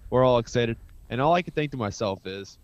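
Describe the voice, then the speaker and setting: A man's voice: mid-range voice, animated, fairly quick, dry recording. Enthusiastic rambling male podcast co-host. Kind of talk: casual sports chat. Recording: dull lo-fi sound.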